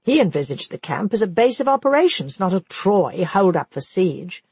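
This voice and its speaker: A woman reading a history audiobook as narrator, in a measured, even scripted narration. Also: mid-range voice, husky, dry recording.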